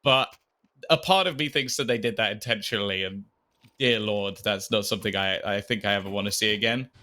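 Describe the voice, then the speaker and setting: A man on a headset mic giving animated, wry color commentary on a shooter match. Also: lowish voice, fairly quick. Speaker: esports caster.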